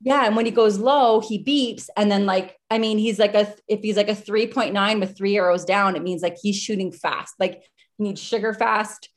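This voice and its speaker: Speaking at a moderate pace with medium pitch and fairly even intonation, this thirtysomething woman tells a story as a podcast guest on a video call. She's casual and chatty, full of filler words like "like," and retells things breathlessly.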